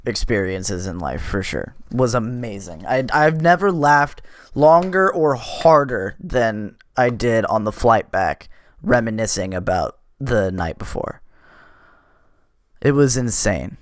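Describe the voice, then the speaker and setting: A man's voice: fairly low pitch, expressive, slow, no echo. A man hosting a casual podcast, rambling and swearing as he describes videos he watches. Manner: profane, laid-back, rambling. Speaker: podcast host.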